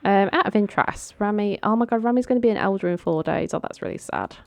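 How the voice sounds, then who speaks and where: A woman's voice: mid-range voice, fast talker, vocal fry, dry recording. A young woman casually commenting on a life-simulation game, chatty and coaxing her characters along. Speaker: gaming channel host.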